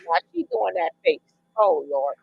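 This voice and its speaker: A woman's voice: mid-range voice, big pitch swings, a little slow, gravelly, breathy edge, phone-quality sound. A woman giving casual reaction commentary, drawling and exclaiming to her viewers.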